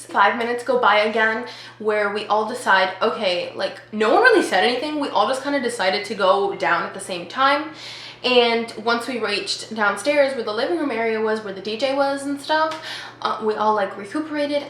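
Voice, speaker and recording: Chatty young woman with a high voice. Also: moderate pace, a bit bright. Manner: chatty, heavy use of "like". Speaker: vlogger. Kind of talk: casual storytime. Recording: echoey room with faint noise.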